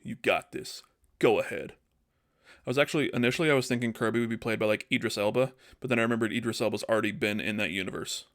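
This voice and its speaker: A man co-hosting a casual comedy podcast, excitedly pitching a movie plot and acting out character lines as he goes. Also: rapid-fire, hardly any pauses. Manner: animated storytelling, acts out character lines. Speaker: podcast co-host.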